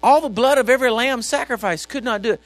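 High voiced preacher guy, gets loud then drops real quiet, dry close sound. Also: fast talker, dry recording. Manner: animated, repetitive, swings from shouting to quiet asides. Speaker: pastor. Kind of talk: sermon.

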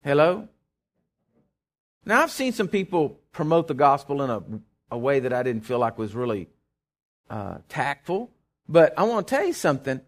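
A male pastor preaching a sermon, animated, with loud bursts, folksy joking asides and call-and-response questions to the congregation. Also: mid-range voice, moderate pace, pauses often.

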